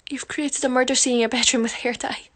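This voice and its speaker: A woman's voice: high voice, fairly even intonation, fast talker. A woman chatting casually with viewers on a phone livestream, teasing and joking while she does her makeup. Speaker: livestream host answering viewer comments. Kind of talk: casual chat.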